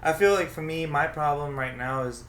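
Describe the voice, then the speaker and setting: A man hosting a casual podcast chat, quick and excitable, swearing casually. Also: on the high side, a little hiss or hum. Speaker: podcast host. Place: podcast studio. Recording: roomy studio sound.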